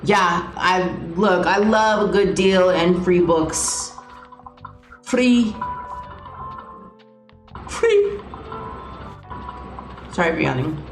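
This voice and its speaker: A woman's voice: on the low side, steady tone, unhurried. A woman streaming a video game, chatting casually in rambling, playful asides. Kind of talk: casual gameplay commentary. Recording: echoey room with game music.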